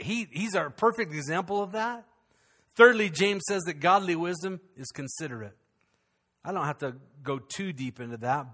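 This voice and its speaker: A middle-aged male pastor preaching in a high, bright voice. He keeps it conversational and joking, stumbling over repeated words as he goes. His voice rings out with a long reverb from the hall. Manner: humorous, conversational preaching with many restarts. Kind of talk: sermon.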